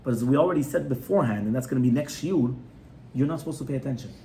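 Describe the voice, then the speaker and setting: In a residence, a rabbi teaches a small class about child education from the Torah, talking conversationally and frequently asking his listeners "right?" He has a mid-range, warm voice, animated and rapid-fire, with a little hiss or hum in the recording.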